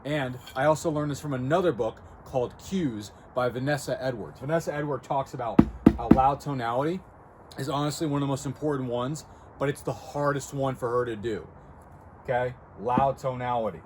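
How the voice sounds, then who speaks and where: His medium-pitched voice moves briskly as he hosts a self-improvement video, speaking casually and directly to the viewer. He keeps asking "okay?" and "right?". There's slight background noise plus clearly audible music.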